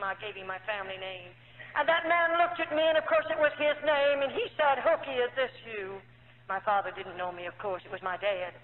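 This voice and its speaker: A former nun giving an emotional personal testimony, telling her story earnestly and acting out the dialogue of the people in it. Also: medium pitch. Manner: earnest storytelling, acts out quoted dialogue, frequent "you know". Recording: tinny lo-fi archive recording in an echoey hall.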